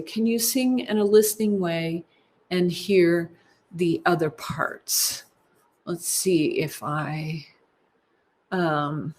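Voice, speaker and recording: Slow-speaking woman teaching choir methods. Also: fairly low pitch. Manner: warm, unhurried teacherly explaining with fillers. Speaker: choral music clinician. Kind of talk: conference teaching session.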